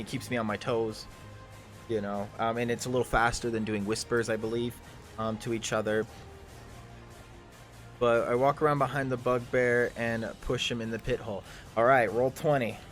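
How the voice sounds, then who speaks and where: A man's voice: medium pitch, fairly even intonation, normal speed, long pauses, faint music behind. A man narrating a tabletop game as game master in a loose, rambling way, full of ums and restarts.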